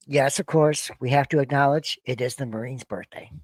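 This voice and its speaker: A man's voice: mid-range voice, moderate pace, a little mellow, no room sound. A man in his forties to fifties hosting a casual reaction podcast, talking bluntly and profanely and often stumbling over repeated words. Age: 40s to 50s. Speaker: podcast host. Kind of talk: casual reaction-show banter.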